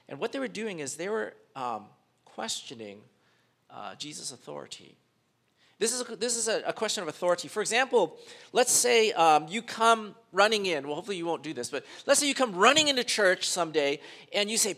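Bright, high-voiced male pastor preaching. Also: big pitch swings, brisk. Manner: conversational preaching with frequent fillers and restarts. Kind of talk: sermon.

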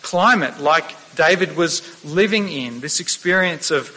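A man preaching a sermon, earnest, often restarting his words and slowing down to read scripture aloud. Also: a little high, lively intonation, bright, forceful tone. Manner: earnest, stammering restarts, slows for quoted scripture. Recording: long hall reverb.

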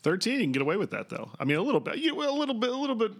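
A man's voice: high voice, wildly swooping pitch, rapid-fire. A man hosting a podcast interview, giving short encouraging replies and laughing along. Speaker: podcast host. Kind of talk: casual interview.

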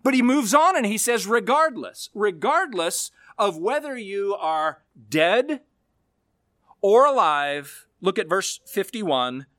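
A male pastor preaching a sermon, expressive, with slow, emphatic stresses on key words. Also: high-pitched, dry recording, studio quality.

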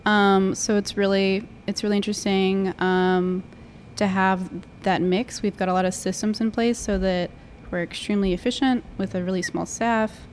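A woman who works at the cafe, describing her workday in a friendly, measured way with many fillers. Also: medium pitch, level tone, darkish tone, a little hiss or hum. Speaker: cafe worker. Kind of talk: casual chat.

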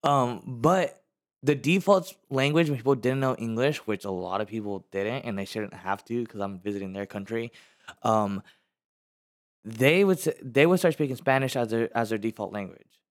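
A man's voice: mid-range voice, moderate pace. Laid-back American male guest, thoughtful and reflective, drifts off mid-sentence. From United States. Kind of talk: casual chat.

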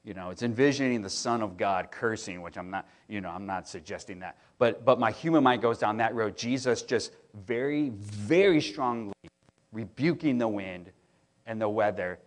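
Animated man preaching a sermon. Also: lowish voice, moderate pace. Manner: conversational, animated storytelling with many restarts. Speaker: pastor.

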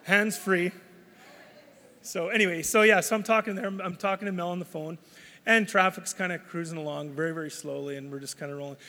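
Man, pastor, conversational sermon, somewhat higher pitch, long church-hall reverb. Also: steady tone, a little fast, sharp tone. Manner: storytelling, conversational, many restarts.

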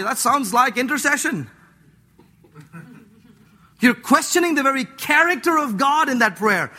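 A man preaching a sermon as a pastor, emphatic, jumping from loud urging to low asides, in a church. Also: lively intonation, normal speed. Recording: long hall reverb.

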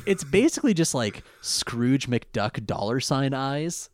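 A man's voice: mid-range voice, very animated, slow pace, no echo, studio quality. A man co-hosting a casual recap chat who talks animatedly, laughs often and acts out the characters. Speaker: podcast co-host.

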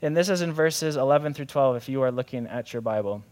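A young man preaching a sermon in a lively, conversational way, often asking the audience questions. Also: mid-range voice, quick pace. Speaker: pastor.

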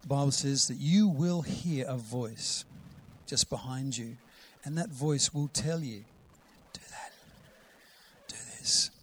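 A man preaching a sermon, quoting scripture with rising emphasis and sometimes dropping to a soft whisper. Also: mid-range voice, measured pace, breathy edge. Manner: drops to a soft whisper to act out a gentle voice.

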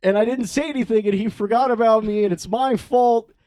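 A man's voice: very high voice, brisk, no room sound. A young man, a priest, telling a personal story in a casual interview, acting out the voices he quotes. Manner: animated, acts out quoted voices, frequent "like" fillers.

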